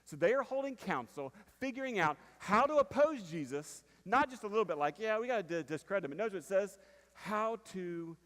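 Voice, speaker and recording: A man preaching a conversational sermon as pastor, dropping to a hush then rising to emphatic points and checking in with the congregation. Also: high voice, lively intonation, moderate pace. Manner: conversational preaching with frequent "right?" asides, swinging from hushed to emphatic. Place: church sanctuary. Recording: long reverb of a church hall.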